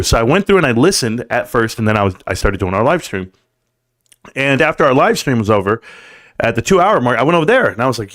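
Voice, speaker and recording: Fast-talking, hyped male streamer. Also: mid-range voice, expressive, a bit bright. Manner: hyped, boastful, talks straight to the chat. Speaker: live stream host. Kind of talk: casual live stream commentary.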